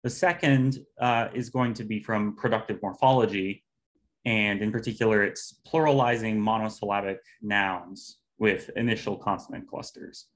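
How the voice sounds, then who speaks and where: A man giving an academic linguistics talk over a video call, explaining step by step with pauses and fillers. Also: lowish voice, steady tone. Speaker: linguistics presenter.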